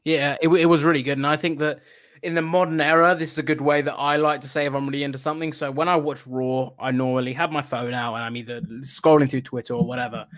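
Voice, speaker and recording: A man co-hosting a wrestling podcast, talking in a relaxed, conversational way. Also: a little high, quick pace, no echo. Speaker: podcast co-host. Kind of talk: casual wrestling chat.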